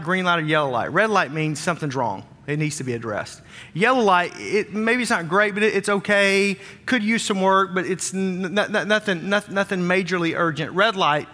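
Man from Wisconsin, senior pastor, bright forceful delivery, playful with the crowd; long church reverb. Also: on the high side. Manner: upbeat, joking with the congregation. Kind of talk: sermon with church announcements. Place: large church auditorium.

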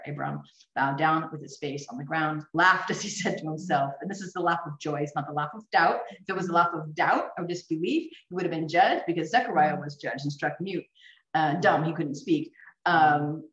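Lively woman teaching Bible study, echoey. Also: on the low side, a little fast. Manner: animated, enthusiastic, laughs often. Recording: echoey room, mic at a distance, dull sound.

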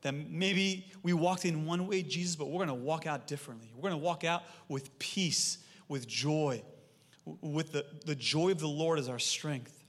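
A man in his thirties preaching a sermon to his congregation, telling stories with lively energy and calling on the crowd to respond. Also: a little high, normal speed. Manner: animated storytelling, calls for audience response. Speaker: pastor. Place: church hall. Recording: long hall reverb.

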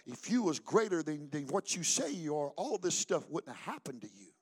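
A scornful devil sneers and accuses the believer he taunts, as a man puts him on in a low, quiet voice mid-sermon. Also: sing-song, moderate pace, breathy edge. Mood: sneering.

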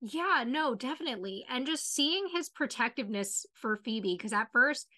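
A woman with a bright, forceful voice pitched a little high chats casually as a podcast co-host. She recaps a TV episode with enthusiasm and leans on "like" as she talks. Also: animated, moderate pace. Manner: enthusiastic, frequent "like" fillers.

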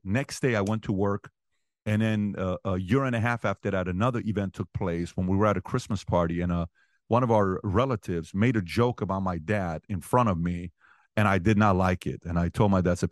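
A man in his forties with a fairly low voice tells stories from his life in conversation, and he gets animated, climbing high and loud whenever he relives a heated moment. The sound is dry and close, with no room around it. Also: fairly quick, dry recording. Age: 40s. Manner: animated, rising in pitch and volume when reliving arguments. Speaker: interview guest. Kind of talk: storytelling in conversation.

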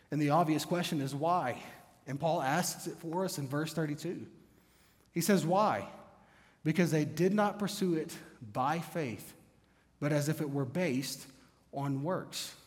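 A man's voice: fairly high pitch, a little slow. A man preaching a sermon, teaching by posing rhetorical questions and answering them himself. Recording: long reverb of a church hall.

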